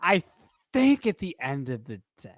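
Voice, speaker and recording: A man co-hosting a sports podcast in a casual, rambling way, full of jokes and mid-sentence corrections. His voice sits a little high for a man, and the sound is dry and close. He keeps talking while he eats a snack. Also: big pitch swings, normal speed, dry recording. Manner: rambling, joking, self-correcting; talks while eating a snack. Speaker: podcast co-host.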